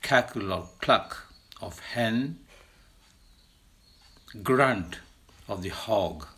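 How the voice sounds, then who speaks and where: A man teaching vocabulary, slowly and deliberately listing words for animal sounds, lifting his voice on the sound words. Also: animated, a bit bright. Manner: slow, deliberate listing, lifts pitch to mimic sounds. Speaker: language teacher. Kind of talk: slow vocabulary lesson.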